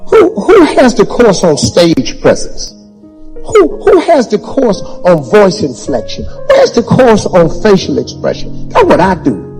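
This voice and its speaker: Man, motivational speaker, high voice, rhetorical, hall reverb with music under. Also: wildly swooping pitch, measured pace, few pauses, a little mellow. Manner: preachy, emphatic, repetitive rhetorical questions; folksy Southern-style grammar. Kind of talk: motivational speech.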